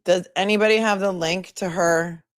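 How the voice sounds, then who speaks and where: Low voiced lady chatting to her live chat, casual and rambling, dry mic. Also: steady tone, normal speed, no echo. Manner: chatty, talking while searching online. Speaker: livestream host, attorney.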